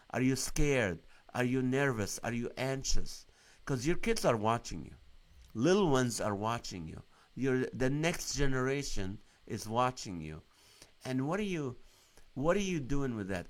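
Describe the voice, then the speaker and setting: A man hosting a live Christian stream, preaching earnestly and asking his viewers many rhetorical questions. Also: medium pitch.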